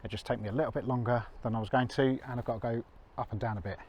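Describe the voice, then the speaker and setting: A man's voice: mid-range voice, steady tone, racing, darkish tone, a little hiss or hum, low-quality recording. A man with a chatty, self-mocking manner, talking to a handheld camera while out on a country walk. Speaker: vlogger. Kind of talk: walking vlog to camera.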